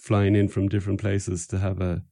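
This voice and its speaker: A man's voice: deep voice, monotone, normal speed, vocal fry, warm tone, dry recording, studio quality. A man from Ireland hosting a podcast, chatting casually and laughing often. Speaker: podcast host.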